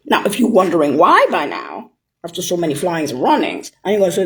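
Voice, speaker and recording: Woman, rambling swearing rant, lively swooping pitch. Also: normal speed, creaky. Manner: rambling, swearing, swings from shouting to whispering. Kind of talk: rambling monologue.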